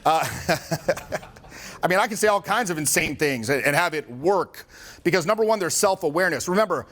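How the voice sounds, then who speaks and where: With a somewhat high, animated voice and a fairly bright tone, a man in his forties coaches a group on social skills at a fairly quick clip. He keeps things casual and comic, cursing often and imitating what people say.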